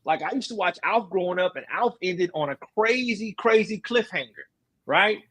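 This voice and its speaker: Husky, high-voiced man ranting. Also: normal speed. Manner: animated, emphatic ranting with slang. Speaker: streamer host. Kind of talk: casual chat.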